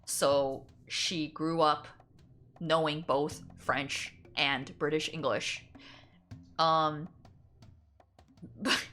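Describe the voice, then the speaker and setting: A woman's voice: sits low, fairly even intonation, drawn-out words, pauses often, fairly bright tone. A young woman streamer telling a long story in casual chat, rambling with many fillers and frequent laughs. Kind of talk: casual storytelling while drawing.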